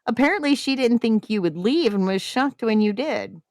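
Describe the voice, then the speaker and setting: A woman's voice: fairly high pitch, expressive, normal speed, dry recording, clean studio sound, pitched above the performer's own voice, lightly acted. A woman reading aloud as a playful young man who teases and conspires with his sister. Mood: teasing. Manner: teasing, chuckling.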